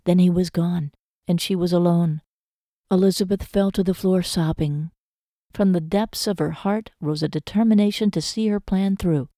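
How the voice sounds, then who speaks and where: A woman narrating a romance novel audiobook in a measured, emotive storytelling manner. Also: fairly low pitch, fairly even intonation, mellow, no room sound, clean studio sound.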